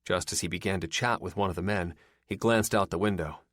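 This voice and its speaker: Lower man, steady audiobook narration. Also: fairly quick, dry recording, studio quality. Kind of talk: first-person audiobook narration.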